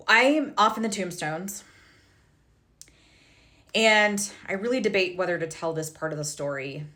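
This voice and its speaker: A woman's voice: medium pitch, fairly bright tone. Frank, heated woman telling a personal story. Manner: frank and heated, with many fillers and self-corrections. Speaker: social media storyteller. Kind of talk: candid personal storytelling to camera.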